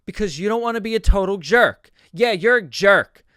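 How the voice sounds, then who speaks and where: A man's voice: high-pitched, animated, brisk, a bit bright, clear, resonant tone, no echo, clean studio sound. A man voicing a snippy young woman, the best friend on speakerphone, in a put-on accent while reading a screenplay aloud.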